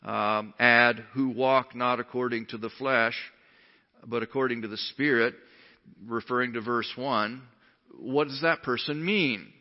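A man's voice: medium pitch, a little slow. Emphatic male preacher in an echoing hall. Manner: emphatic, with sudden loud rises and quiet drops. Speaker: pastor. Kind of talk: sermon. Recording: dull sound with long hall reverb.

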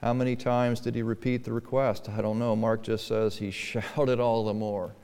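A man's voice: medium pitch, level tone, moderate pace, mellow, smooth. A man preaching a sermon to a church congregation, earnest, his voice swelling and dropping for emphasis. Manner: earnest, rising and falling for emphasis, acted-out pleading quotes. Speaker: pastor. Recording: reverberant church hall.

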